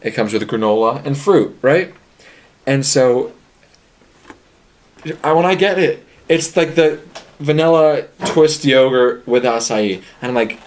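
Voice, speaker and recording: A man's voice: medium pitch, expressive, unhurried, long pauses, a little hiss or hum. A young man, a guest on a casual podcast, retelling something with exasperation and laughter.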